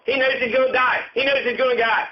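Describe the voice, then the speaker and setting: A man's voice: extremely high pitch, steady tone, fast, highs cut off, slight background noise. A man giving an angry, profane rant in a furious, cursing, repetitive manner. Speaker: commentator.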